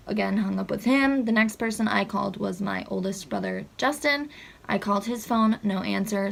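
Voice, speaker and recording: Gravelly-voiced young woman vlogger. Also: medium pitch, a bit bright. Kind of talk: personal storytime recounting.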